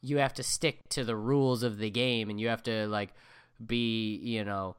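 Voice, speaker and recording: A man co-hosting a podcast in casual chat, telling stories in a lively, cursing way. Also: lowish voice, normal speed, clear, resonant tone. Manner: animated, swings between loud and quiet, profane. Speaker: podcast co-host.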